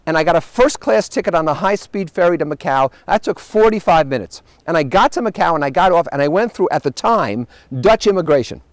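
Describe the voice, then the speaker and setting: Lively, wry male storyteller. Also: fairly high pitch, brisk, no echo. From United States. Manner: animated storyteller, wry punchlines. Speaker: host. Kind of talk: anecdotal travel monologue.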